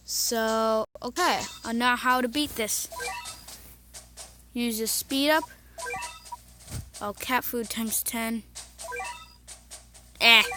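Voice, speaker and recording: A woman talking casually over her own mobile gameplay, chatty and self-mocking, with bursts of excited cheering. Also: on the high side, drawn-out words, long pauses. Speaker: mobile game video host. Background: game music.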